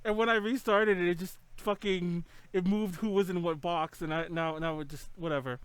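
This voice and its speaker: A man hosts a casual podcast over an online call on a home computer mic. His voice sits high and steady at a normal speed as he rambles, corrects himself, and laughs frequently.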